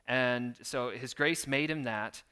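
A man delivering a sermon with a bright, forceful tone. He reads scripture and then explains it in an earnest, conversational way, slipping in casual asides as he goes. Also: medium pitch, takes it slowly, clear, resonant tone. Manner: earnest, conversational preaching with fillers and scripture readings. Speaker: pastor.

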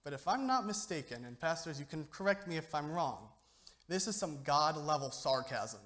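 A man's voice: fairly high pitch, big pitch swings, moderate pace, a bit bright. A young man giving an informal sermon to a church, joking and chatty, often checking in with the listeners. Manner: joking, conversational, keeps asking "okay?". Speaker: lay speaker giving a youth sermon.

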